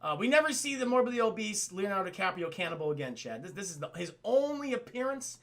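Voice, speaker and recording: A young man casually recapping a cartoon episode for his live chat, excitable and swearing, acting out the characters. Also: sits high, fast talker. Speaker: streamer reviewing a cartoon episode.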